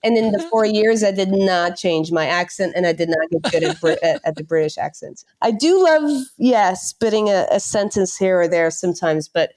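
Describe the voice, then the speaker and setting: A woman in her thirties from the Netherlands, a podcast guest telling animated travel stories and mimicking the people she met. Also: on the low side, moderate pace, hardly any pauses. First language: Dutch. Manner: animated storyteller who mimics others' voices. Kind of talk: casual interview chat.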